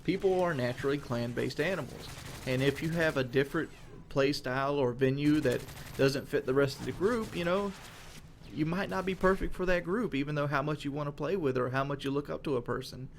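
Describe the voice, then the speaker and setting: A man's voice: fairly high pitch, brisk, a little hiss or hum. A man giving a casual monologue as a gaming commentator, frank and rambling, with casual swearing.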